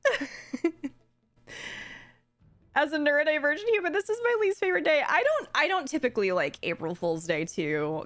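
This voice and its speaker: A young woman from Florida, a streamer, chatting with live viewers in a bubbly, gushing way with excited gasps. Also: high voice. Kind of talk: casual chat with live viewers. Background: faint game music.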